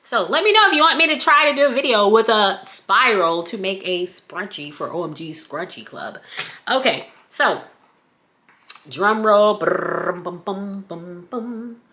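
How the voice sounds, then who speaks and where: A woman's voice: mid-range voice, animated, moderate pace, sharp tone. A woman with a Southern US accent, chatting playfully through a casual product review on her own vlog. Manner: chatty and playful, breaks into little sing-song bits. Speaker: scrunchie shop owner reviewing a product.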